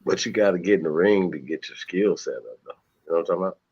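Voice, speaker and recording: A man's voice: deep voice, animated, very fast, darkish tone, slightly rough, no room sound, dull audio. A man hosting a casual livestream chat, laid-back and rambling, with many restarts. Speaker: host.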